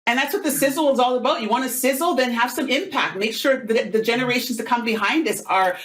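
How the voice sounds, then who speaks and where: A middle-aged woman, a motivational speaker, telling stories in an animated, conversational way during an interview. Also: fairly high pitch, quick pace, slight background noise. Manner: animated, acts out quoted voices.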